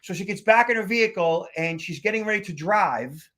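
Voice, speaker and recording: A man's voice: sits high, animated, a little fast, bright, forceful tone. A man hosting a podcast, telling a travel story in a chatty way and repeating words as he restarts. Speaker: podcast host. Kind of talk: casual storytelling chat. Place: lives in Boston.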